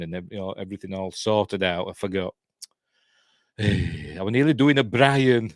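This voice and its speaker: A chatty Yorkshire man hosting a casual livestream from home. His voice sits low but swings around with lively pitch, and he rambles in a friendly, self-deprecating way. The sound is close and dry, with no room in it. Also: no echo. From Yorkshire, England. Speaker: host.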